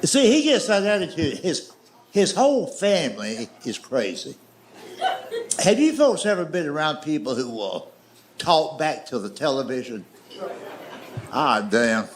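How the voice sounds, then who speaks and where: A middle-aged man telling stand-up stories in a slow, folksy way. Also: fairly high pitch, sing-song, crowd noise, background noise. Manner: slow, drawling storyteller with folksy grammar. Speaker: stand-up comedian. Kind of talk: stand-up storytelling. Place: comedy stage with audience laughter.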